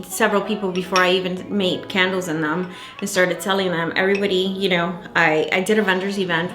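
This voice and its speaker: A woman vlogging casually about her small business, animated and exasperated as she acts out both sides of a dispute. Her medium-pitched voice bounces around a roomy space. Faint music plays underneath. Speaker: candle maker vlogger. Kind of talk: casual vlog storytelling. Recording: echoey room, faint music.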